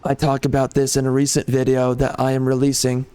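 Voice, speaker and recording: A man's voice: mid-range voice, completely flat delivery, a little fast, mellow, clean tone. A man making a gaming video, giving heated, repetitive, exasperated commentary over gameplay.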